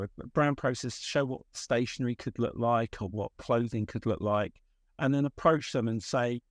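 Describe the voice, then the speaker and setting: A man hosting a casual podcast chat, his voice at a middling pitch. He rambles through stories and acts out what other people said. The sound is dry and close. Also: no echo. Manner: rambling, animated storytelling with acted-out quotes. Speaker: podcast host.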